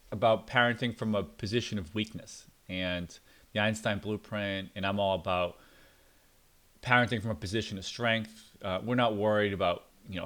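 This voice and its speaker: A man's voice: fairly low pitch, a bit bright. Blunt, opinionated man reviewing a book. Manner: blunt and opinionated, with frequent fillers and asides. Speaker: book reviewer and parenting channel host. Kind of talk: casual spoken book review.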